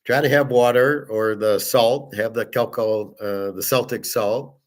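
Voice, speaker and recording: A man's voice: medium pitch, fairly even intonation, a little slow. A man hosting a betting show, telling a blunt, profane, digressive story in a casual monologue. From United States. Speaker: sports betting podcast host.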